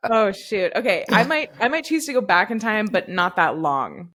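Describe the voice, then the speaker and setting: A woman's voice: mid-range voice, big pitch swings, normal speed, a bit bright. Chatty woman podcast host. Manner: chatty storyteller, many fillers. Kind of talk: casual podcast chat.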